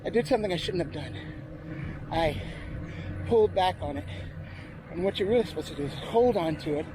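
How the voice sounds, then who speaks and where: A man's voice: high-pitched, lively intonation, brisk. Chatty man vlogging from his bike. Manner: chatty, narrating as he rides. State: out of breath at times. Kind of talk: casual talk while cycling. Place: outdoors on a bike. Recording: loud outdoor noise.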